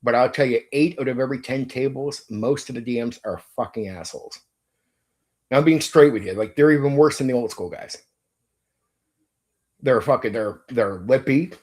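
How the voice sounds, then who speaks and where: A middle-aged man who hosts a tabletop game channel rants to a viewer at normal speed in a mid-range, darkish voice. His casual opinion piece is blunt, profane, and repetitive.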